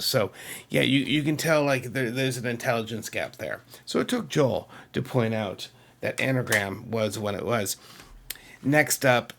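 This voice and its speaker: This middle-aged man from Massachusetts has a creaky, mid-range voice with a fairly bright tone. Enthusiastic and rambling, he talks to camera about his music collection and keeps throwing in asides to viewers.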